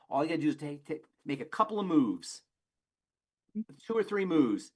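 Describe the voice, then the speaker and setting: A man's voice: fairly high pitch, fairly bright tone. A man, a pharmacist guest on a call-in health program, speaking emphatically and preachily with frequent restarts.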